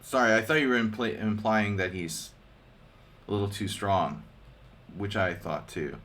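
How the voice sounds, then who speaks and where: Chatty low-voiced man streaming chess. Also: measured pace, fairly bright tone. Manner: chatty, joking, thinks aloud over moves. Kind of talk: casual live-stream commentary.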